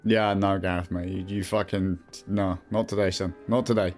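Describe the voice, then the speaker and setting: A man's voice: low voice, level tone, normal speed, darkish tone. Crude, joking British man. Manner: crude, joking, swears a lot. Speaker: gaming streamer. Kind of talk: casual gameplay commentary. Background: faint game music.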